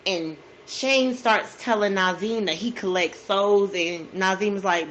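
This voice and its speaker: A woman's voice: medium pitch, fairly bright tone, a little hiss or hum, low-quality recording. Chatty woman spinning a true crime tale. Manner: chatty and slangy, with drawn-out asides. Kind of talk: casual true crime storytelling over a food video.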